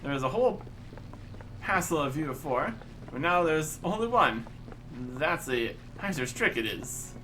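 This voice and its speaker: A man voicing a rowdy, boozy middle-aged sailor who rambles cheekily in rough old-salt dialect. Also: on the high side, big pitch swings, measured pace, pushed and bright, slight background noise, full character voice, poor audio. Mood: boisterous.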